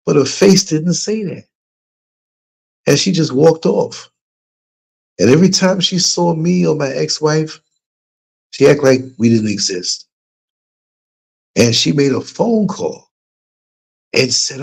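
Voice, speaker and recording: A middle-aged man hosting a livestream, telling a story casually and putting on higher voices for the people he quotes. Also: sing-song, a little slow, creaky, long pauses, a little mellow, slightly rough. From United States. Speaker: livestream host. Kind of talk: casual storytelling to a live chat.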